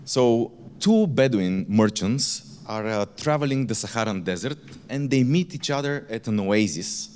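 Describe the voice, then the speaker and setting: A man's voice: mid-range voice, expressive, a little slow, few pauses, a little mellow, a little hiss or hum. A man, a company founder, giving a candid keynote talk in a conference hall, with blunt language. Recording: reverberant conference hall, faint ambience.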